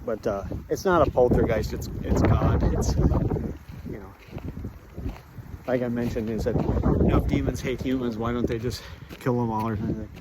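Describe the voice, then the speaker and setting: A man's voice: mid-range voice, fairly even intonation, normal speed, long pauses, heavy background noise. A man vlogging on a walk outdoors, rambling and joking with lots of fillers. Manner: chatty, jokey, rambling with many fillers. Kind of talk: rambling walk-and-talk monologue. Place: outdoors on a walk, rural area.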